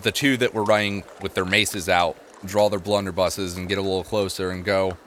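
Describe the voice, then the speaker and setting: A man narrating as game master in a tabletop game, relaxed and laid-back as he improvises. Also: low-pitched, brisk, hardly any pauses, a little hiss or hum.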